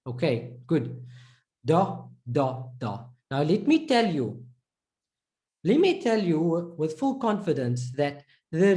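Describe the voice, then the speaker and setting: This woman has a deep, warm voice. She is leading a live online pronunciation lesson, cheering her students on and demonstrating by saying syllables over and over.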